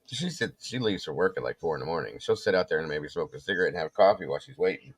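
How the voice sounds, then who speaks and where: Telling a casual story at a quick pace, the co-host acts out the people in it. His low voice swings widely, leaping up for quoted lines and settling back into easygoing chat.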